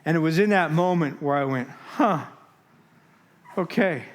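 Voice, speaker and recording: Man preacher, slightly high voice, storytelling sermon, dramatic pauses, swings loud to hushed. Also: smooth. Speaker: guest speaker. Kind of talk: sermon testimony. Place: church stage.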